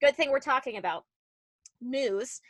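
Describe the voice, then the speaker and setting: Young woman podcaster, high and bright, says like a lot, dry close sound. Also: measured pace, no room sound. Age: young adult. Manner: chatty, lots of "like", animated retelling. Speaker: podcast co-host. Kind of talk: casual chat.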